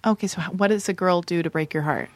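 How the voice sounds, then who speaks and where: A woman's voice: fairly low pitch, fast, dry recording. A woman hosting a casual interview, teasing her guest with rambling, playful questions. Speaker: host.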